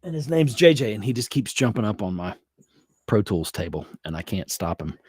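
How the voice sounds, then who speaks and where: A man's voice: fairly low pitch, big pitch swings, a little fast, a little mellow, husky, no echo. A middle-aged man hosting a live music stream from his home studio, chatting in a loose, rambling way with lots of fillers. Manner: rambling, easygoing, often trails off with fillers. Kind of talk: casual live-stream chat.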